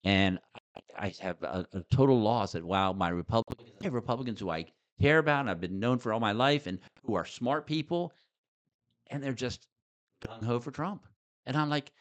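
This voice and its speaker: A middle-aged man from Maryland, a former state senator, talking animatedly in a casual political conversation, with many restarts. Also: medium pitch. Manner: animated, talks fast, with frequent restarts.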